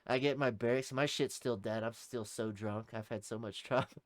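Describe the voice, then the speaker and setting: A young man co-hosting a podcast, telling a rowdy story in casual talk, swearing heavily and shouting out the lines of people in it. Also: medium pitch, fairly even intonation, normal speed, no room sound. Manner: heavy swearing, acts out shouted quotes. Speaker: podcast co-host.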